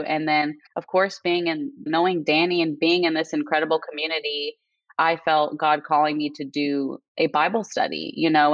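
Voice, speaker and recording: A young woman with a notably low voice speaks earnestly and from the heart, trailing in easy "you know"s and "like"s. The sound is dull and lo-fi, dry with no room around it. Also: dry recording. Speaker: guest. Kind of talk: casual faith testimony chat. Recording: dull lo-fi audio.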